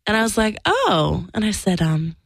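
A woman's voice: mid-range voice, very animated, normal speed, creaky, dry recording. Frank, emphatic woman telling a story. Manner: frank and emphatic, swears freely, acts out quoted dialogue. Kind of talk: candid conversational storytelling.

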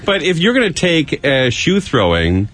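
A man's voice: on the high side, huge pitch swings, measured pace, fairly bright tone. A man hosting a radio show, leading a casual, jokey chat.

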